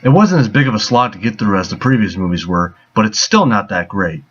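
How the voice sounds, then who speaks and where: A man's voice: lowish voice, animated, a little fast, slightly rough. A man reading a scripted film review in a sarcastic, mocking tone. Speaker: movie reviewer. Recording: dull lo-fi voice.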